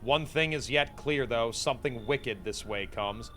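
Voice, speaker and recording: A man voicing a cryptic, foreboding male seer who speaks in slow, archaic, portentous phrases. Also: mid-range voice, fairly bright tone, a little hiss or hum, pitched below the performer's own voice, lightly acted. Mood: ominous.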